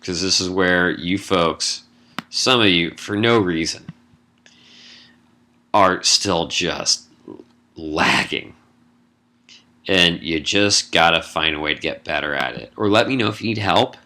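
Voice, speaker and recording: In a recorded lecture, a middle-aged man who teaches college English explains an essay assignment in a low voice that's bright and forceful. He's casual, rattles off points quickly, and drops wry asides.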